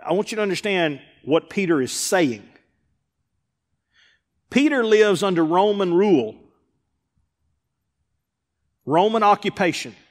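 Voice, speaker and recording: A man's voice: high voice, lively intonation, unhurried, pauses often. A male pastor preaching a sermon, driving points home with emphatic repetition. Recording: hall with long reverb.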